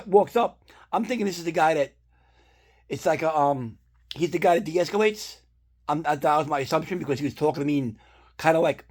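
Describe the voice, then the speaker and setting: A man's voice: a little high, husky. A man rambling through a casual storytime, swearing often as he retells events. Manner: rambling, profanity-laced, animated retelling. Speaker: vlogger telling a story.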